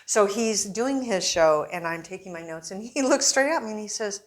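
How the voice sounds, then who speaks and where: A woman newspaper reporter, a guest on an interview show, telling animated anecdotes and acting out quotes in casual conversation. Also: medium pitch, moderate pace. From Arizona.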